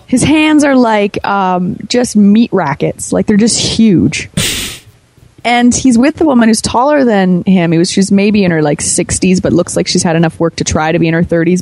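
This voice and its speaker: A woman co-hosting a morning radio show tells a story about herself with chatty, self-mocking humor. Her voice sits at an ordinary pitch and sounds dry and close to the microphone. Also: darkish tone, dry recording. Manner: chatty, self-mocking, quick anecdotal delivery. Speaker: radio co-host.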